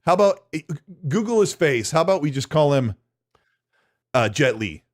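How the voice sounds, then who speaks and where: Guy hosting a gaming podcast, kinda high voice, bouncy and jokey. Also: moderate pace. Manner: animated, jokey, laughs often. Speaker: podcast host. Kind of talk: casual podcast chat.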